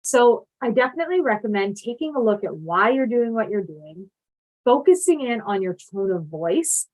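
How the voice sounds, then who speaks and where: A woman's voice: a little high, sing-song, moderate pace, a little mellow, poor audio. A young adult woman giving a casual, friendly presentation over a video call, speaking with plenty of ums and easy fillers. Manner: friendly, upbeat, lots of fillers. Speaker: speaker presenting to an online summit. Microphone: video call mic.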